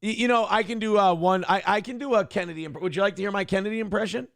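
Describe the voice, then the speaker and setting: A man co-hosts a loose morning talk show, joking around and needling his partner. His voice sits a bit high for a man and has a gravelly, fry-laden edge. The sound is dry and close. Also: rapid-fire, a bit bright, dry recording. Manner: teasing, joking, reads chat comments aloud. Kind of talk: casual banter show.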